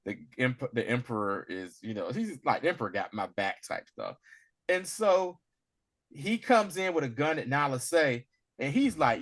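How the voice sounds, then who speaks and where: Animated man retelling a show casually. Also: medium pitch, moderate pace. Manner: animated retelling with acted-out character lines and laughs. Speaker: podcast co-host. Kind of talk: casual recap chat.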